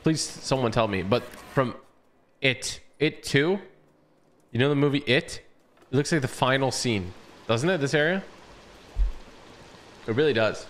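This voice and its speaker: A young man giving excitable, slangy live commentary as he plays a game. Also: medium pitch, unhurried, pauses often. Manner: excitable, slangy, reacts aloud. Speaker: gaming channel host.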